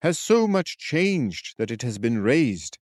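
A man voicing an ancient, loyal male warrior who speaks in a formal, archaic, measured way. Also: medium pitch, big pitch swings, a little mellow, no echo, clean studio sound. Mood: solemn. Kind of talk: audiobook character voice.

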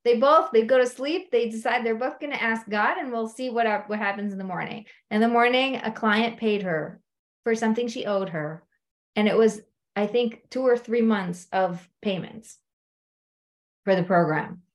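A woman coach telling stories from her clients in an animated, conversational way, often checking in with her listeners. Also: fairly high pitch, normal speed. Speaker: life coach. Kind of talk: storytelling coaching talk.

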